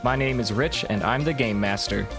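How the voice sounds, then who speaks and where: Brief: male game master, average pitch, relaxed rambling narration, faint music underneath. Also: fairly quick. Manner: casual, with frequent um and uh fillers.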